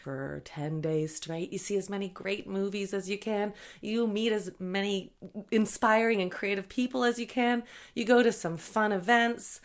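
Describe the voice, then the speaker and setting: A woman's voice: medium pitch, steady tone, moderate pace. A woman hosts a podcast and talks in a bubbly, chatty way, joking and laughing at herself. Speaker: podcast host. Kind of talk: solo podcast intro monologue.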